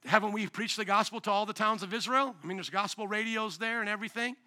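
A man preaching a sermon in a high, very bright and forceful voice. He talks emphatically and conversationally and keeps throwing questions at the congregation. The sound is dry and close. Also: fast talker, no room sound. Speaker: pastor.

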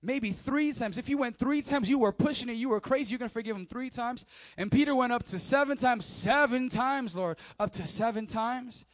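A pastor delivering a sermon in church, animated, swinging between hushed asides and loud emphatic lines. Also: male voice, extremely high pitch, fairly quick, no echo. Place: church service.

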